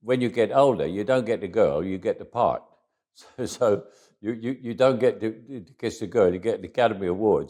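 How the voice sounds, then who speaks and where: A man's voice: deep voice, a little mellow. An older man with an English accent, telling anecdotes in an interview with dry humor and frequent restarts. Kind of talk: reflective interview talk.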